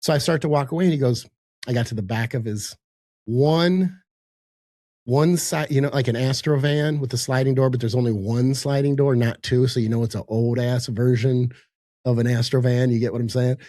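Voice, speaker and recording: A man's voice: mid-range voice, moderate pace, no room sound, clean studio sound. Older man telling a profane story with gusto. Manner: animated storyteller, acts out quotes, laughs often, profane. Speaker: podcast guest. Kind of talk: storytelling in casual podcast chat. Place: home office in a high-rise.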